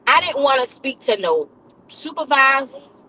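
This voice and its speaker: A woman's voice: high voice, big pitch swings, a little slow, sharp tone, slight background noise, low-quality recording. A woman live streamer, a nurse, telling a comic story to her chat in a dramatic, repetitive way, calling listeners baby and honey.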